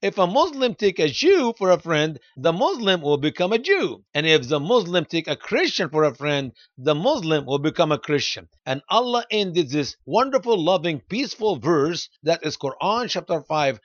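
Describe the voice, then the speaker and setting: A man's voice: fairly high pitch, no room sound, muffled recording. A man hosting a religious broadcast, lecturing emphatically and addressing his critique directly to the president. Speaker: program host and preacher.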